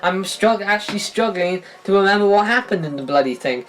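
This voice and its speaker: A man's voice: sits high, lively intonation, brisk, a bit bright. Rambling man giving a casual review. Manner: rambling, self-interrupting, sighs, sarcastic asides. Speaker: film reviewer.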